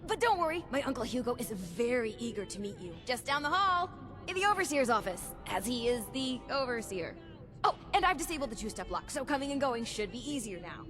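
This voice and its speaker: Bouncy, sarcastic female ghoul scientist in a game, higher voice, lively sing-song delivery. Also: brisk, over music. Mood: perky.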